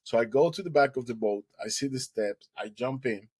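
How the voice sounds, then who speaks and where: A man's voice: medium pitch, brisk, darkish tone, breathy edge, dry recording, poor audio. A man, a guest in an interview, telling a story animatedly and acting out its dialogue.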